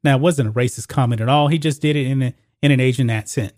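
A man's voice: medium pitch, fast talker, darkish tone, no room sound, studio quality. A man hosting his own sports opinion channel, talking casually to viewers and reading news reports aloud with stumbles. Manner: reads news quotes aloud with stumbles and restarts. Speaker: sports commentary host.

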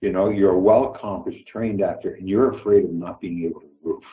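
A man's voice: sits low, fairly even intonation, a little fast, echoey room, narrow, tinny audio. An older man from Canada with a Canadian accent, a guest telling candid, profane stories and acting out the dialogue. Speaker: guest actor. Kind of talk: casual interview storytelling.

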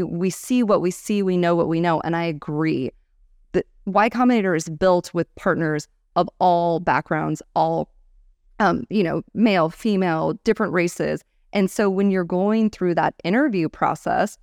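A woman's voice: lowish voice, no room sound, studio quality. A woman in her thirties, a startup founder telling stories in a candid interview, acting out the people she quotes. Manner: animated storyteller, acts out quoted people.

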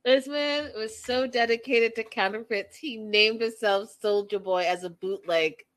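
Woman, live-stream recap host, chatty, animated, fairly high voice. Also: measured pace. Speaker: reality show recap host.

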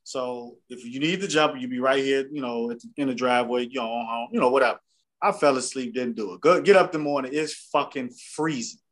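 A man's voice: mid-range voice, fast, a bit bright. A man co-hosting a podcast, telling a long profane story in casual chat. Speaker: podcast co-host.

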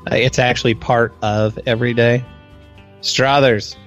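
A man's voice: medium pitch, little pitch movement, a little slow, faint music behind. A man co-hosting a casual podcast chat, laid-back and jokey. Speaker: podcast co-host.

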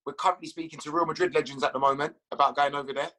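A man as an interview guest, telling stories in a casual, animated way, swearing freely and laughing at his own tales. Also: a little high, very fast, low-quality recording. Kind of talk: casual storytelling.

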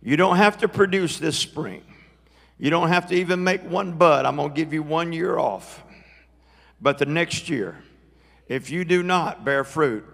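Preacher putting on a drawling Southern scold. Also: male voice, on the high side, vocal fry, a bit bright, full character voice. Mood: mock-stern. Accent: exaggerated Southern US. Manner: slow, folksy, mock-stern warning. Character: man sternly lecturing a fruitless tree in a drawl. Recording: long church hall reverb.

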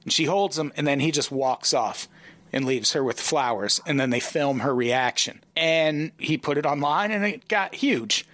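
A man's voice: fairly high pitch, lively intonation, normal speed, a bit bright. A man co-hosting a comedy podcast, reading out a news story in a wry, casual way. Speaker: podcast co-host.

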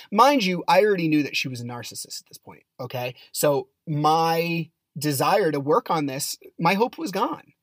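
A man's voice: on the high side, animated, moderate pace, few pauses, no room sound. Blunt, heated man on a dry mic. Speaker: podcast host. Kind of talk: casual podcast monologue.

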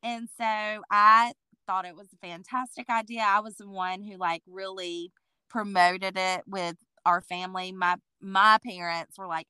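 Woman in her forties, interview guest, chatty storyteller, bright and tense tone, dry close sound. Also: medium pitch, unhurried, clear, resonant tone, dry recording. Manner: lively storyteller who acts out what people said. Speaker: boutique owner, interview guest. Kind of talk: conversational storytelling.

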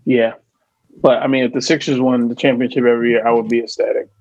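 A man's voice: mid-range voice, little pitch movement, quick pace, a little mellow, highs cut off. A man who is a podcast guest, talking laid-back and slangy in casual chat.

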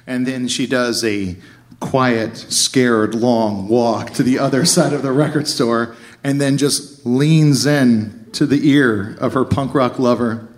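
A man telling a funny true story on stage, animated and laughing as he goes. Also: mid-range voice, takes it slowly. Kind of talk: live comic storytelling.

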